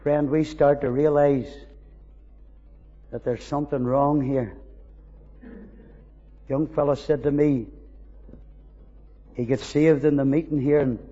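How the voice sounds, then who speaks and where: A man preaching a sermon, swinging between soaring emphasis and quiet asides. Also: medium pitch, husky. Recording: dull recording in a reverberant hall.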